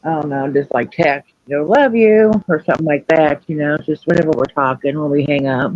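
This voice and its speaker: A woman's voice: low-pitched, level tone, fast talker, no echo, muffled recording. A woman chatting casually on a live stream, candid and rambling, and often putting herself down. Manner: candid, rambling, self-deprecating. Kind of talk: casual chat.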